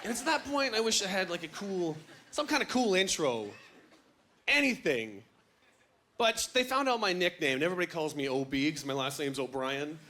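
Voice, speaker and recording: A man performing a stand-up comedy set on a club stage, animated and acting out the voices of other people. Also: high voice, normal speed, slight background noise. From Canada.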